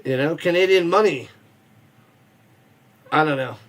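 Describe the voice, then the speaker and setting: A man's voice: fairly high pitch, measured pace. A man hosting a football watch party stream, chatting casually, joking, reading viewer messages and calling the plays. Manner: rambling, joking, reads chat messages aloud. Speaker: watch party host and play-by-play caller. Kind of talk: casual live-stream chat with play-by-play.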